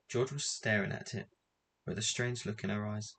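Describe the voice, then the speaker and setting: A man reading a children's adventure book aloud in an even, measured way. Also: lowish voice, a little hiss or hum. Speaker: reader.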